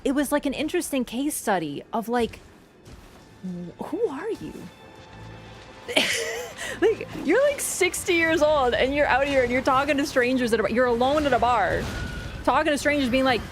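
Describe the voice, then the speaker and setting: A young Canadian woman with a slightly high voice tells a rambling story in a casual, animated way. She laughs often and keeps talking steadily over gameplay. Music plays clearly behind her. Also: moderate pace, pauses often. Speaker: gaming streamer.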